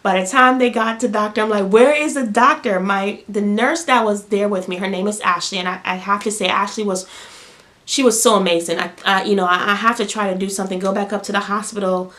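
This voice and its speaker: A woman's voice: medium pitch, steady tone, a little fast, bright, forceful tone. Emotional young woman telling her story. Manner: emotional, repeats words, many fillers. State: close to tears. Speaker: vlogger, new mother. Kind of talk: casual storytelling to camera.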